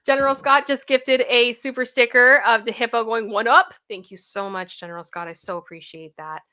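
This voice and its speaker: A woman's voice: on the high side, fairly even intonation, brisk, sharp tone, clear, resonant tone. A young woman hosting a casual livestream, chatty and repeating herself as she thanks viewers by name. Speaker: livestream host.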